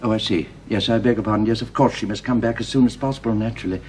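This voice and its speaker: An actor playing a flustered, courteous old gentleman. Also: fairly low pitch, steady tone, rapid-fire, slight background noise, lightly acted. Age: older. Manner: formal and polite, hesitant with many ums. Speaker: grandfather of the household. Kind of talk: 1930s period radio drama.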